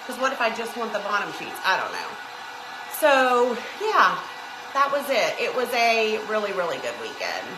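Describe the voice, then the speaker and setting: A middle-aged woman from Tennessee with a Southern accent, chatting warmly with viewers by name while hosting a live craft demo. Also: medium pitch, huge pitch swings, normal speed. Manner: chatty, greets viewers by name, says y'all. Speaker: craft livestream host. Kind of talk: casual livestream chat and craft demo. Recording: echoey room, faint background hum.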